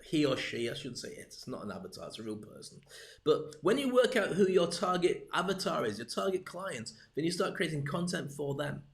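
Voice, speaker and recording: A man coaching viewers through a live-streamed business talk, his voice sitting a little higher than most men's. He is lively and full of jokes, talking straight to the camera as if to a friend. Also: a little fast, gravelly.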